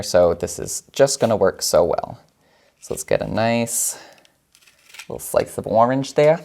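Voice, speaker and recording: A man hosts a casual cocktail show, talking through each step with a playful, chatty manner. His voice leaps around in pitch, and he laughs easily. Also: a little mellow.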